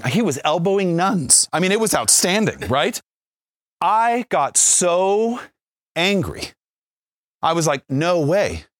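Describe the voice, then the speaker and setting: A man in his forties tells a faith story to listeners, his fairly high voice rising and dipping with lively energy. He acts out the lines of the people in his tale and keeps checking in with "right?". The sound is close and dry, with no room around it. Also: dry recording. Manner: animated storyteller, acts out quotes, frequent "right?". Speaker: Catholic speaker, former youth minister.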